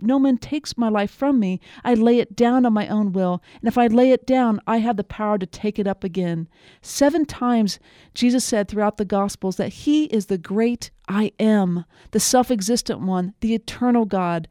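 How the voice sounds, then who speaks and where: Earnest woman preaching, mellow voice. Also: fairly high pitch, dry recording, clean studio sound. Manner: earnest, emphatic, slows for key phrases. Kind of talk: devotional sermon.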